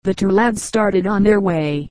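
A woman reading a novel aloud as an audiobook narrator, calm and measured. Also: mid-range voice, no echo, rough recording. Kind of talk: scripted narration.

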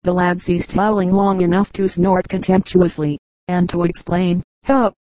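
Woman audiobook reader, mellow tone, steady monotone, dry close sound. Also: fairly low pitch, normal speed, no echo, low-quality recording. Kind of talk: scripted narration of humorous anecdotes.

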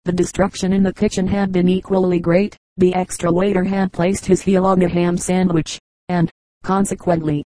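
A woman reading an old humorous magazine piece aloud as an audiobook, in an even, unhurried manner. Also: lowish voice, no echo, poor audio. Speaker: audiobook reader.

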